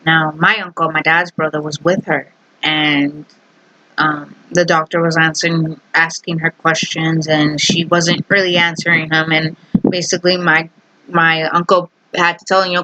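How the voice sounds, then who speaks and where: A woman's voice: low-pitched, level tone, normal speed, bright, forceful tone, rough recording. A young adult woman vlogger telling a family story in a casual, rambling, amused way.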